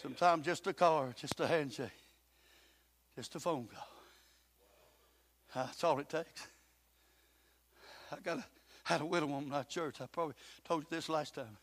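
A man preaching a storytelling sermon in folksy talk that swings from quiet asides to loud shouting. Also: on the high side, moderate pace, pauses often. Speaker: pastor. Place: church.

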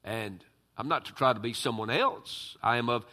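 A man delivers a sermon in a bright, forward voice, leaning hard on key words and drifting into folksy asides. He talks with filler words and a relaxed, conversational warmth toward the congregation. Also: mid-range voice, moderate pace. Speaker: pastor.

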